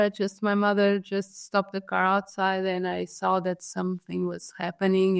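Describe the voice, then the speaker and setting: A woman's voice: fairly low pitch, completely flat delivery, moderate pace, creaky, few pauses, smooth. Portuguese woman telling a story with hesitation. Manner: hesitant, many fillers and restarts, searching for words. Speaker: guest artist. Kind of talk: reflective storytelling in an interview.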